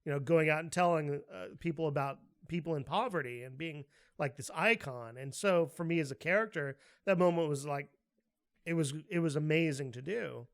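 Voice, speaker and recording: A man co-hosting a podcast, telling a story with lively acted-out quotes and frequent laughter. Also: on the high side, moderate pace. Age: adult, with a daughter. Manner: animated storyteller, laughs often, acts out quotes loudly. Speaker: podcast co-host. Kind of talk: casual chat.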